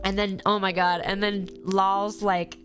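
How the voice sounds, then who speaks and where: Congested female streamer, animated and gushing, mid-pitched, faint music underneath. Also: measured pace. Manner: animated, gushing, acts out quoted lines. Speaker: streamer ranking episodes. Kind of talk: casual live-stream chat.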